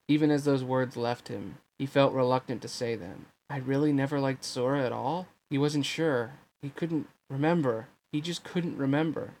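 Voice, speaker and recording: A man reading a novel aloud at a fair clip, a plain, mid-pitched voice that moves steadily through the narration. He stumbles now and then but keeps going. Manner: quick, plain reading with occasional slips.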